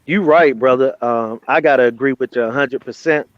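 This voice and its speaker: A man's voice: mid-range voice, moderate pace, crowd noise. An easygoing man agreeing and adding his view in a casual podcast chat. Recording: dry, dull lo-fi audio.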